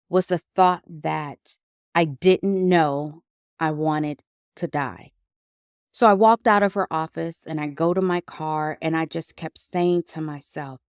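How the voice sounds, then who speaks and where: Woman podcast host, lowish voice, unhurried confessional storytelling, dry close sound. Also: dry recording. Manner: reflective and unhurried, with emotional emphasis.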